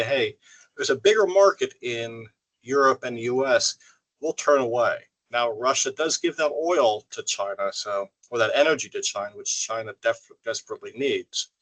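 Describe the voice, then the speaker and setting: A man's voice: medium pitch, a bit bright, poor audio. An older man giving a lecture and answering questions in a chatty, joking way, often restarting his sentences. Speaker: guest lecturer.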